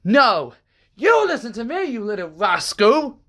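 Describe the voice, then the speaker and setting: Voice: medium pitch, sing-song, unhurried, bright, forceful tone, voice pushed up, heavily acted. A storyteller voicing a stern woman scolding someone in a homemade horror story. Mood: angry.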